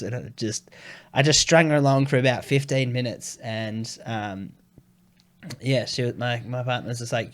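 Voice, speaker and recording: A man's voice: mid-range voice, normal speed. A young man, a comedian chatting casually on a podcast, telling stories animatedly and swearing freely. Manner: animated storyteller, swears freely, acts out voices.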